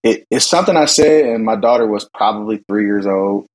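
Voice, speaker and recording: A man talking as a podcast guest, telling relaxed stories full of restarts and laughs. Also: lowish voice, a little fast, poor audio. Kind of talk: casual conversation.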